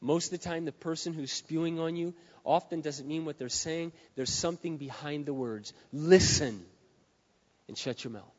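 A male pastor delivering a sermon to a live audience in a large hall. He drops to hushed lines, then builds to shouts. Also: a little high, moderate pace. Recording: dull, reverberant hall sound.

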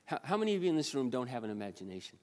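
A man's voice: medium pitch, very animated, rapid-fire, a little mellow. A man in his sixties, a pastor, telling a personal story in a rambling sermon with many restarts. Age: 60s. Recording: long hall reverb.

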